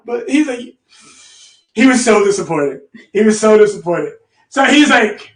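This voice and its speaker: The room echo is strong because the mic sits some distance from this host, a very high-voiced man sharing a casual story with his community at normal speed. Animated and foul-mouthed, he laughs frequently and keeps tossing out "okay?".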